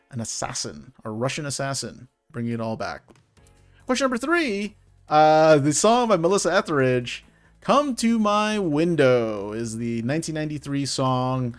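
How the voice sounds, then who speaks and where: A man hosting an online trivia night, reading out answers in a chatty, rambling way and correcting himself as he goes. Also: medium pitch. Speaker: trivia quiz host. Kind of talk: casual live quiz hosting.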